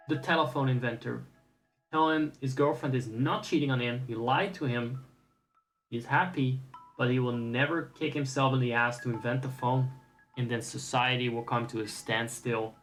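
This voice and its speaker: A man's voice: medium pitch, fairly bright tone, poor audio. A man streaming a game, casual commentary, wry and profane with rambling asides.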